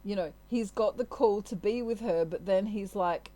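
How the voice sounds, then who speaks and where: Australian woman, tarot reader, chatty and rambling, mid-pitched, casual delivery. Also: moderate pace, mellow, rough recording. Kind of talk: casual spiritual reading.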